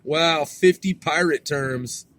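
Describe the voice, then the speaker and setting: A man's voice: fairly high pitch, takes it slowly, a bit bright, no echo. A man hosting a podcast in a casual, rambling monologue, laid-back and profane, chuckling often. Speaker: podcast host.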